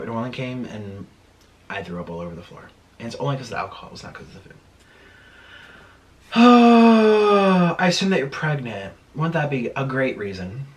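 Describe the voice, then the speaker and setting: Animated young man chatting while eating. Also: mid-range voice. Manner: animated, chatty, gets heated and swears. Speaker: mukbang vlogger. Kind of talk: casual chat while eating.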